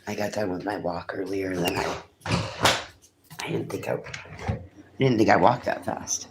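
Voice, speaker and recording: A man's voice: deep voice, a little slow, very noisy. A man hosting a casual livestream, chatting with viewers in a rambling, chatty way and swearing freely. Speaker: livestream host.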